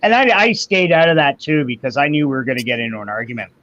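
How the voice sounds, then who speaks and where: A man chatting casually on an online show, giving opinions in slow, drawn-out phrases and acting out the voices he quotes. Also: medium pitch, very animated, a bit bright. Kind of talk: casual chat. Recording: dull lo-fi audio.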